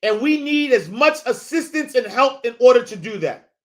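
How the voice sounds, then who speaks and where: A man hosting a motivational faith talk. He speaks in animated, repetitive, preacher-like build-ups, uses street slang and calls his listeners y'all. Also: extremely high pitch, moderate pace. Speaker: host.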